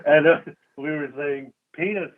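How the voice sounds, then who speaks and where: A man calling in to a radio show, chatting in a goofy, jokey way with bursts of loud laughter. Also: fairly high pitch. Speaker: caller. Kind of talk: casual call-in chat. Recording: tinny phone line.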